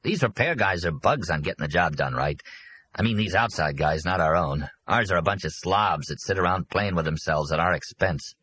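A man's voice: low voice, animated, normal speed, fairly bright tone, husky, full character voice. A man reading an audiobook, voicing a brash, pushy middle-aged union boss who talks bluntly and boasts. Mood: boisterous. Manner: blunt, boastful, jumpy and eager to please. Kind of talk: audiobook character voice.

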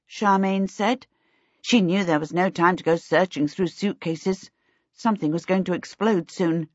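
A woman's voice: lowish voice, normal speed, no echo. Woman narrating a storybook. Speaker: audiobook narrator. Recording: dry, slightly dull recording.

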